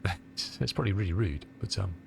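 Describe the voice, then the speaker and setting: A middle-aged man from England, slightly under the weather with a cold, talks loosely with his stream chat. His voice sits low but swings widely in pitch as he rambles through the viewers' questions. A faint rumble hums behind him. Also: animated, a little fast, creaky. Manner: rambling, chatty, answers chat aloud. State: has a cold. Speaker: flight sim streamer.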